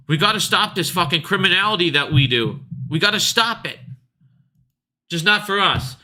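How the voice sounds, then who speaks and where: A man's voice: a little high, pushed and bright. A man giving profane, sarcastic commentary and mocking people in a rant. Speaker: video commentator. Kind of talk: ranting commentary.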